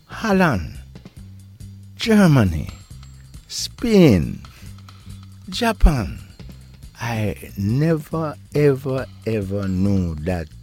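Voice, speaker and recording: A man's voice: mid-range voice, darkish tone. An older man with a Jamaican accent, a reggae deejay giving an interview and reminiscing in a laid-back way, laughing often. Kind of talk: relaxed reminiscing conversation. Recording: interview with faint music behind.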